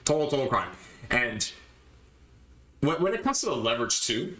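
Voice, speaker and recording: Male podcast host, bright forceful tone, lectures emphatically, echoey room. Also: mid-range voice, big pitch swings, moderate pace. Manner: emphatic, lectures the listener directly, repeats points. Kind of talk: opinionated podcast monologue.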